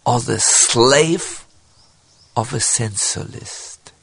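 A man voicing a half-asleep washerwoman in a story, with a high, wavering, stammering voice. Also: drawn-out words, vocal fry, fairly bright tone, a little hiss or hum, heavily acted. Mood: drowsy wondering. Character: half-asleep poor washerwoman, wondering and scornful.

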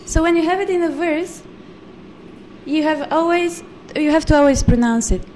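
Woman, high voice, patient pronunciation teacher in a live class, noisy recording. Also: a little mellow. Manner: patient, corrective, repeats words slowly and precisely.

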